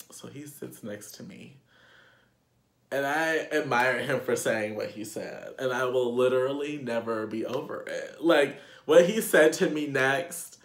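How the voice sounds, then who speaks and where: A man's voice: mid-range voice, echoey room. A young man telling a story to camera in a casual vlog, laughing and swearing as he goes. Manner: slow, laughing, swearing often. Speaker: vlogger.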